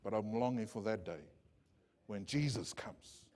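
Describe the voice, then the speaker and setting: A male pastor, preaching in a church with impassioned storytelling that swings between hushed and loud passages. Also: lowish voice, a little slow. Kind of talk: sermon.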